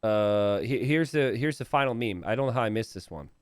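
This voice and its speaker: Giggly animated man on a stream. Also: fairly low pitch, brisk, no echo, studio quality. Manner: giggly, animated, laughs often mid-sentence; chatty, teasing, self-correcting. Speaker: game caster and streamer. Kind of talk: casual stream chat reacting to viewer memes.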